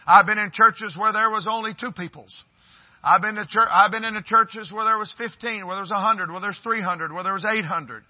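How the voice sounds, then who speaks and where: A high-pitched man in his fifties gives a sermon as a guest preacher, folksy and chatty as he jokes with the people in the pews. The recording sounds dull and a bit lo-fi, as if captured in a church sanctuary. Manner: folksy and joking with the congregation. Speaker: visiting preacher.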